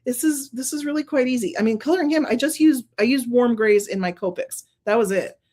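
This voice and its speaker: Chatty woman with a slightly high voice. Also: brisk, a little mellow. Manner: chatty, laughs often, thinks aloud; gushing, openly emotional. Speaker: card-making stream host. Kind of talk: casual crafting demonstration.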